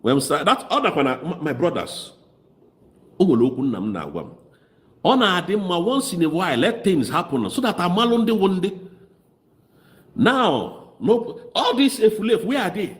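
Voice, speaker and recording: A man's voice: high-pitched, big pitch swings, normal speed. A man with a Nigerian Igbo accent giving fiery, mocking political commentary. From southeast Nigeria. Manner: mocking, impassioned, switches into Igbo.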